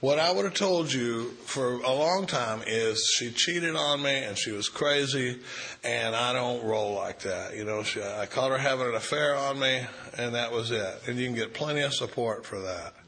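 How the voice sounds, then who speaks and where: Middle-aged male recovery speaker, anecdotal and self-deprecating, bright tone. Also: mid-range voice, moderate pace. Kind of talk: storytelling talk to a recovery group.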